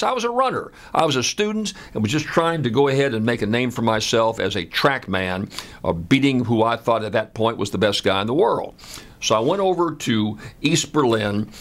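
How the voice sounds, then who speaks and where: A man in his seventies from the United States, telling a personal story in an unhurried, conversational way with frequent "uh" fillers. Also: medium pitch. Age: 70s.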